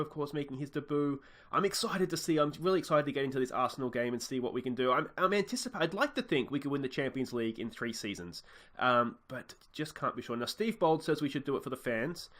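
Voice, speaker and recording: A young man talks his way through a football management game as a chatty let's-play host. His voice sits at an ordinary middle pitch with a bright, forceful edge. He gets excitable when his side attacks. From Australia. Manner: chatty, excitable, cheers at goals. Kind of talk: casual gameplay commentary.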